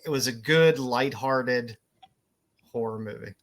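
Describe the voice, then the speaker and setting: A man co-hosting a casual chat, measured and repeating words as he weighs his views. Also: mid-range voice, fairly bright tone. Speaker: co-host.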